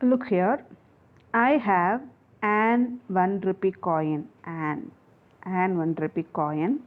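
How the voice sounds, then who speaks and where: A woman English teacher explaining grammar at a board, slowly repeating and spelling out letters. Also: lowish voice, steady tone. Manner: slow, repetitive, spelling out letters. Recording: tinny phone-like sound.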